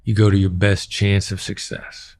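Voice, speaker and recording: Gravelly middle-aged guy on a podcast, low voice, blunt and repeats himself to make a point. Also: little pitch movement, normal speed, a little mellow. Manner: plain-spoken, repeats key phrases for emphasis. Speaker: guest, former hostage negotiator. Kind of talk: podcast interview.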